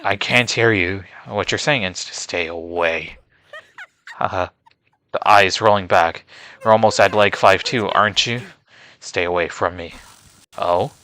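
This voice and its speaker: Man reading game lines, bright-toned. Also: deep voice, unhurried, long pauses. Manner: reads lines dramatically, with stumbles and asides. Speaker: streamer. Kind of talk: reading game dialogue aloud on a livestream.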